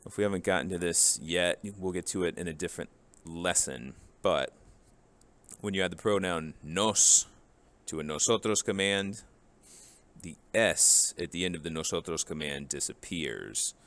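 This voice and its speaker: A man's voice: sits low, normal speed, fairly bright tone. A man teaching a recorded Spanish grammar lesson in a casual, joking way, drilling forms one by one.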